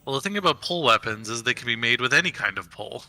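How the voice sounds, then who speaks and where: Wry, bright-voiced man player. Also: medium pitch, lively intonation, racing, dry recording, soft background music. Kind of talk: casual tabletop play.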